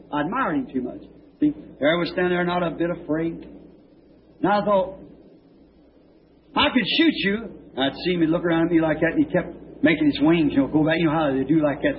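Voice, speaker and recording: A man preaching a sermon in a rambling, homespun storytelling way, breaking into high excited shouts, heard on a dull old tape recording with faint hiss. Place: church.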